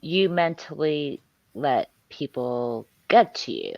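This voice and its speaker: A frank woman talks slowly in a casual online chat, stopping to search for words. Her voice sits very low, and the recording is dry and slightly muffled. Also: expressive, dry recording. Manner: frank, hesitant, many fillers. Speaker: YouTube channel host.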